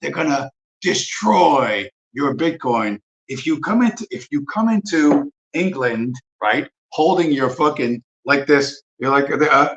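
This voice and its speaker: A man's voice: on the high side, animated, a little slow, fairly bright tone, rough recording. Man ranting profanely on a livestream. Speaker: livestream host. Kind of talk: livestream rant.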